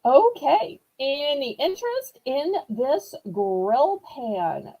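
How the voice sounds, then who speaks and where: A woman's voice: on the high side, big pitch swings, unhurried, mellow, slightly rough, poor audio. A woman with a Southern accent hosting a live online auction, chatty and upbeat as she shows items. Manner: chatty, upbeat, playfully sings prices. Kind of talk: live home shopping sale.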